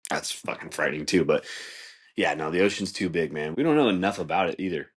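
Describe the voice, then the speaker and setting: Deep-voiced man telling a casual story. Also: fast, husky. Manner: laid-back, swears a lot, fills with "like" and "dude"; acts out voices in quoted speech, jumping far higher. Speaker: podcast host.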